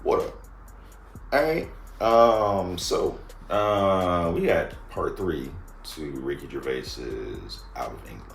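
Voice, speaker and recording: Laid-back reaction host, low gravelly voice, lively pitch, slangy chat. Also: male voice, slow pace, reverberant, soft background music, poor audio. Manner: relaxed, slangy, with short reactions. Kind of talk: casual chat.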